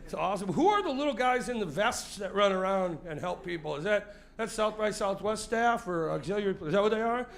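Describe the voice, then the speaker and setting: A man of forty with a high voice doing stand-up on a club stage. He is loud, profane and confrontational, and he teases the crowd. He is sweating as he performs. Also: expressive, brisk, creaky, hardly any pauses. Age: 40s. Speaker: stand-up comedian. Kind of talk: live stand-up comedy set.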